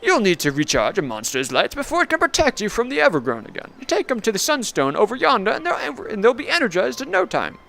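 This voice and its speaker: A man voicing a gruff but soft-hearted old male villager in a video game, folksy and rustic in manner. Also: high-pitched, huge pitch swings, fast, hardly any pauses, voice pushed up, heavily acted.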